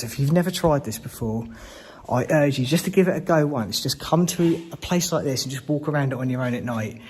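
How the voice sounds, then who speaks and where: A man exploring an abandoned hospital at night, hushed and frightened, swearing and shaking with fear as he talks to his camera. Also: medium pitch, a little fast, breathy edge. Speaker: urban explorer. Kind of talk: whispered solo vlog. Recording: noisy handheld camera audio.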